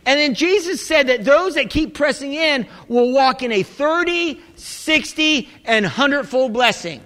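Man, pastor, sermon, high voice, animated call-and-response, echoey hall. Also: a little slow. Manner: animated, humorous preaching with audience call-and-response. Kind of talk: preaching a sermon.

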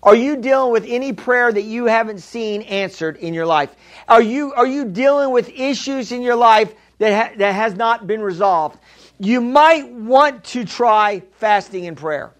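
A man's voice: extremely high pitch, measured pace. A man preaching a sermon as pastor, emphatic and repetitive, calling out to the congregation. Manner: emphatic preaching, repeats key lines, calls to congregation.

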